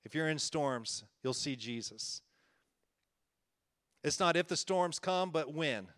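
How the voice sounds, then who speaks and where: A man's voice: fairly high pitch, animated, slow, a bit bright, no echo, clean studio sound. A man preaching a conversational sermon as a church-planting pastor, earnest and folksy, often chuckling and repeating himself.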